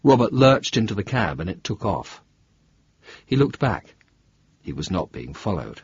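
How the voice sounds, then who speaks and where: Male thriller narrator, low husky voice, animated delivery, muffled dry lo-fi audio. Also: a little slow, dry recording. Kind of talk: scripted narration. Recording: dull lo-fi dry recording.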